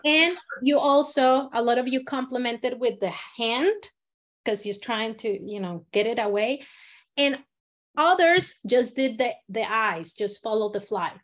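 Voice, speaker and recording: A woman teaching a storytelling workshop, giving encouraging instructions and acting out sample lines with expressive voice changes. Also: fairly high pitch, unhurried. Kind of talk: workshop instruction with acted demonstrations.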